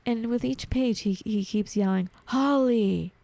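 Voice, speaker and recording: Gravelly-voiced woman telling a story. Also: mid-range voice, moderate pace. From United States. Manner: animated, acts out quoted voices, frequent "like". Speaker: podcast guest. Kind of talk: conversational storytelling.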